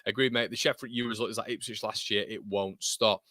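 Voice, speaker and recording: A lively young man from England hosts a football watchalong stream, chatting fast and reading viewer messages. His voice sits fairly low but sounds bright and forceful. The sound is close and dry, with little room echo. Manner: excitable, swears, calls viewers mate. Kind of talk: live stream chat reading viewer comments.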